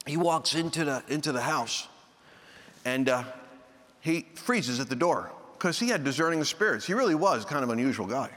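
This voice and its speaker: A man preaching through a personal story in a casual, animated way, acting out the dialogue with sudden high outbursts. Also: big-room sound. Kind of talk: anecdotal sermon storytelling.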